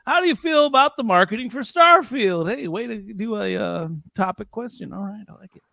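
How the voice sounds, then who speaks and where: Bright high-voiced joking guy. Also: lively intonation, a little fast, vocal fry, no echo, studio quality. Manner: joking, profane, laid-back. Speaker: co-host panelist. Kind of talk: casual livestream chat.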